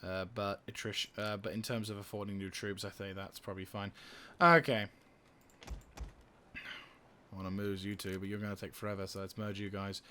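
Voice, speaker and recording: A young man with a bright, sharp voice talks through his strategy game. He swears freely and rants at the enemy, then drops back to muttering over menus. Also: lowish voice, flat delivery, moderate pace, a little hiss or hum. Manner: profane, ranting, venting frustration. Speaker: gaming YouTuber. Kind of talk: let's play commentary.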